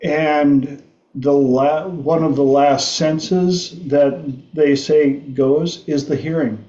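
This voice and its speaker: A middle-aged man hosting a livestream talk show, telling stories slowly with frequent restarts. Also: fairly high pitch, fairly even intonation, warm tone, reverberant, highs cut off. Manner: slow, halting storytelling with restarts. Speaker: podcast host.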